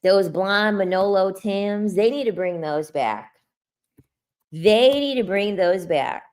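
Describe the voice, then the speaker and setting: A woman's voice: medium pitch, slow pace, darkish tone. A woman streaming casual chat who answers her viewers, laughing often and tossing in slangy asides. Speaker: livestreamer reading chat.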